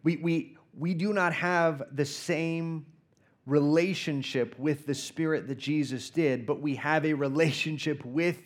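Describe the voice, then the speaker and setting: A man giving a sermon as a guest preacher, earnest and storytelling, who drops into soft prayer at times. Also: fairly high pitch, fairly even intonation. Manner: earnest, storytelling, pauses and prays softly.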